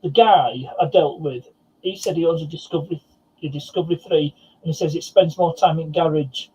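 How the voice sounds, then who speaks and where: Husky high-voiced man on dull call audio. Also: brisk, warm tone. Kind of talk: casual group chat on a live stream.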